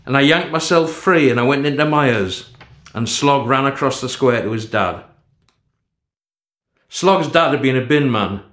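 Guy reading a story out loud, steady pace, middle pitch, echoey room. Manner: steady first-person storytelling. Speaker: narrator.

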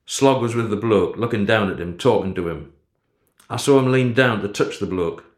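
A man narrating a story in the first person in a steady, low-key way. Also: moderate pace, reverberant. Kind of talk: storybook reading.

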